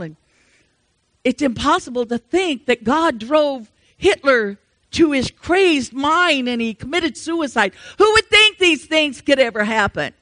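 An older woman delivers a sermon at a slow, deliberate pace, pressing her points with rhetorical questions. Her voice is bright and edged, swelling loud and then dropping soft. The sound is dry and close. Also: high-pitched, no room sound. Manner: emphatic, rhetorical questions, swings between loud rises and soft drops. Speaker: preacher.

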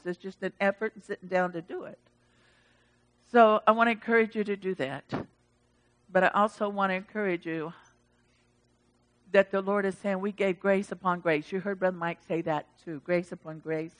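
Preaching with fervor during an altar call, a woman pastor moves between loud exclamations and gentle pleading. Her voice is mid-range.

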